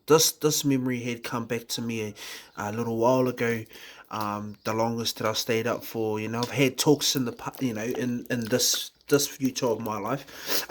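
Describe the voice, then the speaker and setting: A New Zealand vlogger with a Kiwi accent and mid-range voice tells his recovery story. His candid testimony comes out haltingly, full of fillers, restarts and casual swearing.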